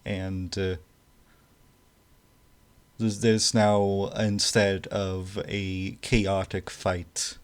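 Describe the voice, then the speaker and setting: A man narrating a tabletop game as game master, slow and halting, with many restarts. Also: sits low, flat delivery, smooth.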